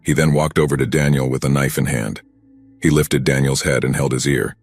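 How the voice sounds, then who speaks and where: A man narrating a first-person horror story in a steady, grim, scripted telling. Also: very deep voice, brisk, slightly rough.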